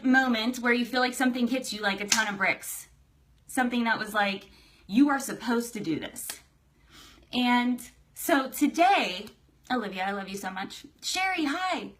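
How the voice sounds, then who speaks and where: Bright chatty woman hosting a live stream. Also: a little high. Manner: chatty, greets viewers by name, emotional. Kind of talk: casual livestream chat.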